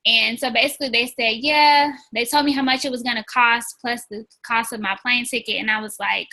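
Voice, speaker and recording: Bright-voiced woman rallying her team. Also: a little high, fairly even intonation, brisk, rough recording. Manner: earnest, chatty, peppered with "like" and "um"; addresses listeners as "y'all". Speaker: team leader on a business team call. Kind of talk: motivational talk to a team.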